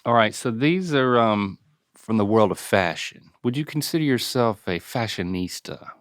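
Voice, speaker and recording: Middle-aged man, podcast host, very lively pitch, teasing, playful. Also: moderate pace. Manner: animated, teasing, acts out quoted voices. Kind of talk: casual podcast chat.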